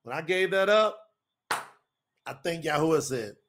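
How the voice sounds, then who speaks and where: Preacher, man in his 50s, high-pitched and lively, folksy, repeats himself for emphasis. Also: unhurried, slight background noise. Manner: animated, folksy, repetitive. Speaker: preacher and co-host. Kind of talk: preaching talk to an audience.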